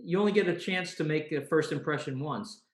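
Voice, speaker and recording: Brief: male host, somewhat high voice, agreeable, recorded in a roomy, echoing space. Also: a little fast. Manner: agreeable, chiming in. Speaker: podcast host. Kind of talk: casual chat. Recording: roomy echo.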